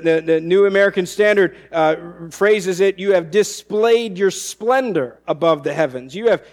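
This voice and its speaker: A man preaching a verse-by-verse sermon, reading scripture aloud and explaining it with frequent restarts. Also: high voice. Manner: teaching, reads scripture aloud, many restarts. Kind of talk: expository sermon.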